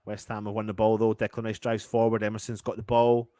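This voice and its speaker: A man from England doing live fan reaction commentary on a match, exasperated and swearing, swinging between low muttering and loud outbursts. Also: monotone, quick pace, no room sound.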